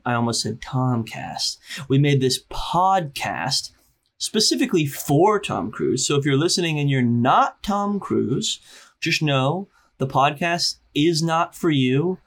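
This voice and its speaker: A young adult man quietly recording a solo podcast intro, bragging about himself in a deadpan, joking way. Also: medium pitch. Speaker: podcast co-host.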